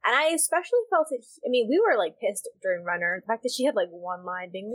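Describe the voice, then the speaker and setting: A woman's voice: mid-range voice, expressive, fast, few pauses. A woman co-hosting a podcast in casual chat, heated and emphatic, swearing freely. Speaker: podcast co-host.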